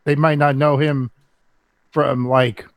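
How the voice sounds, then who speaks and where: A man on a podcast panel in casual chat, chiming in with quick wisecracks. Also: medium pitch, flat delivery, no room sound. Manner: wisecracking interjections.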